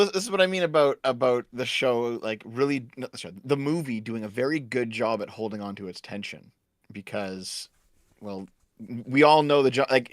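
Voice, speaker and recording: A man's voice: medium pitch, no room sound, studio quality. A man casually explaining a horror movie's characters in a loose, chatty way.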